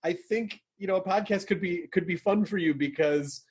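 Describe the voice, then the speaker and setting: A man hosting a podcast in casual chat, chatty and quick to laugh. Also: sits high, a little mellow, husky. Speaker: podcast host.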